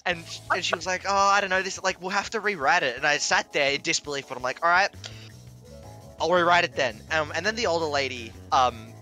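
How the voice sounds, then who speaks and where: A man telling a long personal story in casual chat, animated, swearing and laughing as he goes. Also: a little high, a little fast, faint music behind. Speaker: stream commentator.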